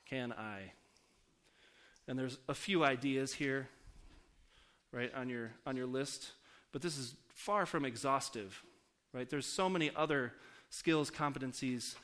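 Here a man with a mid-range, fairly bright voice preaches a relaxed sermon built around stories. He talks with his congregation conversationally and regularly asks them questions.

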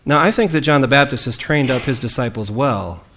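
A man preaching in a casual, talkative way, with a voice of middle pitch. He breaks into little acted-out voices for the people in his story and keeps an easy, chatty tone with his listeners. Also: fairly quick, a little hiss or hum. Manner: lively, conversational, acts out quoted lines. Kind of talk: conversational sermon.

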